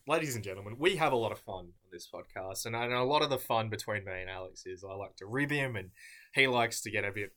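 A man's voice: lowish voice, fast, bright, forceful tone. A man co-hosting a podcast, giving a theatrical, teasing speech in a comic mock debate. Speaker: podcast co-host.

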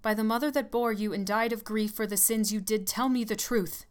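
Woman doing an ancient stern nurse, storybook reading, low voice, smooth and clear, commanding. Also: fairly even intonation, moderate pace, close to an everyday voice. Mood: pleading. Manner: stern, commanding, grave pleading. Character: ancient stern female nurse, sharp and solemn.

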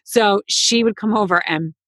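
A woman's voice: medium pitch, normal speed, dry recording. A middle-aged woman in casual chat, telling stories and acting out quotes. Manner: animated storyteller, acts out quotes.

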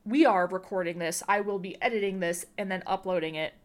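A woman's voice: mid-range voice, a little fast. Chatty woman hosting a podcast. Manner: chatty, rambling with many fillers. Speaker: podcast host. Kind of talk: casual podcast chat.

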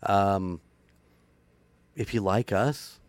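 A man's voice: on the low side, fairly even intonation, drawn-out words, dry recording. A man hosting a paranormal podcast, wrapping up in a rambling, upbeat way with frequent laughs. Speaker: podcast host. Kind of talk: casual podcast outro chat.

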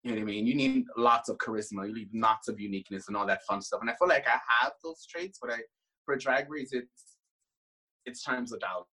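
A man with a bright, husky voice talks through his doubts in a relaxed interview. He rambles a little, restarts his sentences and leans on fillers. His tone stays reflective and candid. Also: mid-range voice, a little fast, low-quality recording. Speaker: interview guest, drag performer. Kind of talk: casual interview chat.

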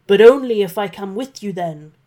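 A woman voicing a big, greedy, grumpy male dragon who shouts rough, demanding questions. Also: medium pitch, normal speed, close to an everyday voice.

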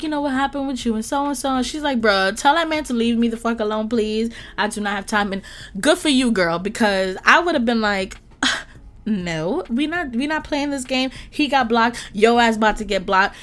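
Young woman, casual storytelling, animated, profane, higher voice. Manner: animated, profane, laughing asides. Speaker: podcast host.

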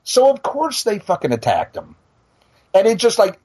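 Middle-aged guy ranting on his podcast, husky voice, swings up and down a lot, swears constantly. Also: sits high, huge pitch swings, moderate pace, darkish tone. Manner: profane, blunt, stammers into restarts. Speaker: podcast and radio show host. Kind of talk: heated casual rant.

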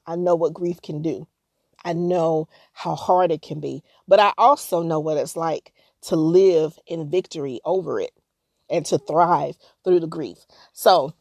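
A middle-aged woman from North Carolina hosts her podcast in a candid, conversational voice that sits on the low side. She breaks into animated bursts now and then. The recording is dry and close. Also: no echo. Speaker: podcast host. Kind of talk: personal storytelling podcast.

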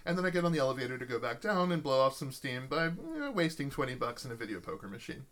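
A man's voice: mid-range voice, quick pace. A man casually telling a long anecdote in a chat, acting out the people he quotes. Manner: animated storytelling, acts out quoted voices. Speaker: storyteller in a podcast chat.

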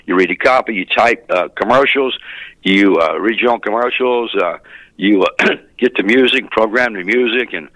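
An older man, a former radio DJ telling folksy stories in an interview, often clearing his throat. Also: on the low side, normal speed, bright, forceful tone, dry recording, rough recording. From Memphis, USA. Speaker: guest, radio DJ. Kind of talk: casual storytelling interview.

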